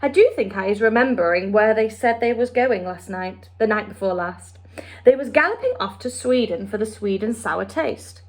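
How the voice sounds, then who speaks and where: A woman's voice: medium pitch, normal speed, lightly acted. A woman voicing a big, friendly male giant who speaks in muddled, ungrammatical giant-speak. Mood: eager.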